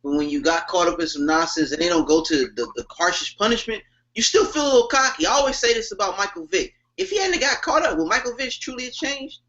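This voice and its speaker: A man co-hosting a podcast, chatting about sports in an animated, storytelling way. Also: fast talker, lo-fi sound. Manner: animated, storytelling, swings up in pitch when emphatic. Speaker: podcast co-host. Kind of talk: casual sports chat.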